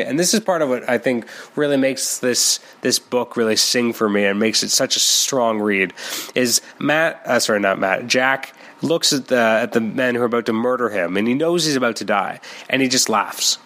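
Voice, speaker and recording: A man's voice: medium pitch, normal speed, fairly bright tone. A man talking casually and at length about a comic book he loves, rambling with many fillers and restarts. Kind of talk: casual solo commentary.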